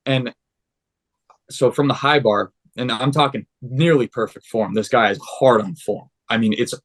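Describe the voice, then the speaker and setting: This podcast guest, a young man with a mid-range voice, talks at a normal speed. He relays his story casually and with animation, voicing the dialogue of the other people in it.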